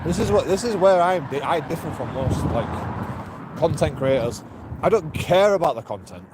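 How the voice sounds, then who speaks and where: A man films himself outdoors, his voice sitting slightly high for a man. He rambles and swears, laughing to himself between thoughts. Clear street and traffic noise runs underneath him. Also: animated, normal speed. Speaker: street video blogger. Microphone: handheld camera.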